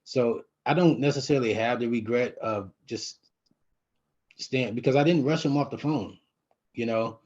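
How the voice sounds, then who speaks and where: A middle-aged man, a vlogger, telling a personal story in a halting way, with many restarts and fillers. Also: mid-range voice, darkish tone, lo-fi sound. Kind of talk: personal vlog, emotional recollection.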